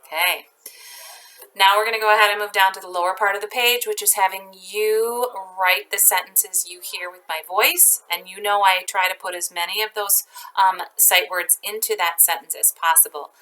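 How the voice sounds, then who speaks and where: A woman teacher slowly dictating a spelling test to her class, stretching out each word and sentence. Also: mid-range voice, fairly even intonation, bright, forceful tone, rough recording.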